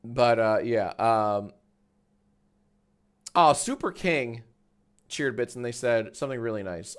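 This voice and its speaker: A man's voice: lowish voice, normal speed, faint music behind. A man chatting casually on a live stream, rambling and swearing as he reads out the chat.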